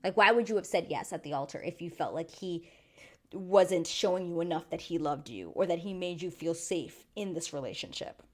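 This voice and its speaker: A woman's voice: fairly low pitch, normal speed. Chatty woman recapping a reality show. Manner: chatty and animated, acting out quotes. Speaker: YouTube reviewer. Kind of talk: casual recap monologue.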